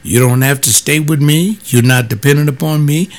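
At a moderate pace, a former pastor delivers a blunt, emphatic, casual monologue full of stories. Each time he quotes someone, his voice jumps up in pitch.

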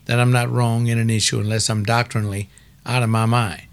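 A man's voice: mid-range voice, flat delivery, brisk, a little hiss or hum. An older man preaching informally on a webcast, folksy and emphatic, repeating lines for stress.

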